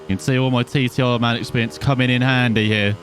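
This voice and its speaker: This gaming video host speaks at medium pitch in a steady tone and at a quick pace, with faint music behind him. Playing a racing game, he chats casually, mocks himself, and is easily sidetracked.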